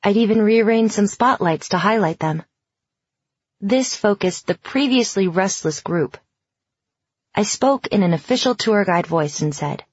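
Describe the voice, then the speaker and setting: A woman reading a first-person audiobook in a reflective, even storytelling manner. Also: mid-range voice, unhurried, slightly rough, dry recording, dull audio. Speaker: audiobook narrator.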